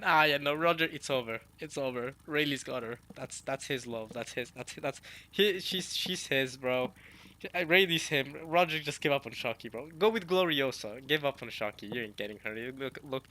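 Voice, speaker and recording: A young man talks through a manga chapter in loose, slangy reaction commentary, often stumbling over his words when he gets excited. His voice sits at a middle pitch with a bright, forward tone. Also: moderate pace. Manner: excitable, slangy, many restarts.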